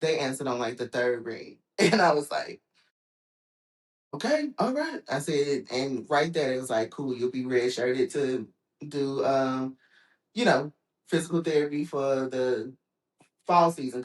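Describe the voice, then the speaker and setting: A woman from Texas, a podcast guest, telling stories in a casual chat with frequent laughs and quoted voices. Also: normal speed. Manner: animated, laughs often, acts out quotes in a high voice. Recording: roomy echoing room.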